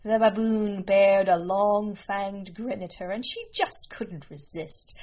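Woman narrator, unhurried storybook reading, slightly muffled lo-fi sound. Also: mid-range voice, a little mellow. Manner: slow, measured reading. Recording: muffled lo-fi recording.

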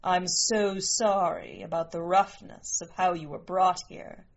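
Stately, honeyed jungle queen, low and unhurried, as a woman narrator puts her on. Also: creaky, dull audio. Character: regal, gracious jungle queen mother.

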